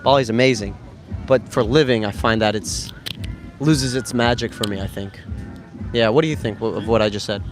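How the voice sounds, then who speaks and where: A man's voice: fairly low pitch, steady tone, normal speed, music in the background. Rambling, profane American man. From United States. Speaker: dating coach vlogger. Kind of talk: casual chat.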